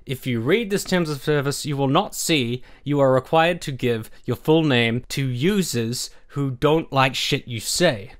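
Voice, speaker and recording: Brief: an irate man vlogging a cursing, sarcastic rant, middle-pitched voice. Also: measured pace, few pauses. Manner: angry, sarcastic, heavily profane. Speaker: YouTuber. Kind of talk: profane rant vlog.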